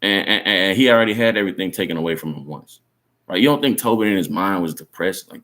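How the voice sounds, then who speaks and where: A man with a very low voice, teaching scripture in a loose, everyday way. He sounds earnest and encouraging and keeps checking in with his listeners. His phrases are filled with casual tags as he talks the message through. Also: expressive, fast talker, fairly bright tone. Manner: conversational, repeats "man" and "right?" as tags. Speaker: Bible teacher. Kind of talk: informal sermon teaching.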